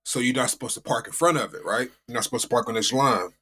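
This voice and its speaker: A man's voice: mid-range voice, fast, bright, forceful tone, a little hiss or hum. A man from the United States, co-hosting a podcast from home, telling a story in a rambling, slangy, casual way. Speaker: podcast co-host. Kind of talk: casual chat.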